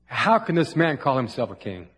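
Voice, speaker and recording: A man's voice: medium pitch, very animated, normal speed, fairly bright tone, breathy edge. Man preaching in a reverberant church. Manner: conversational, folksy, with fillers and asides. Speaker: pastor. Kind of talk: sermon. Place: church sanctuary. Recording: long hall reverb.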